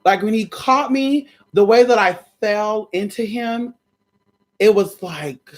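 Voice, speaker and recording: A young adult woman telling her viewers a story in a casual, animated way. She swears freely and keeps calling them y'all. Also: mid-range voice, unhurried. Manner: animated, chatty, profane, addresses viewers as y'all. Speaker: spiritual content creator.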